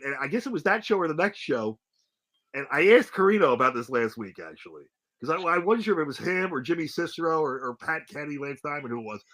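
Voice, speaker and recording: A middle-aged man telling casual stories in an interview, animated, swearing freely and laughing often. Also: on the high side, rough recording. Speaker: interview guest, former wrestler. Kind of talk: casual storytelling.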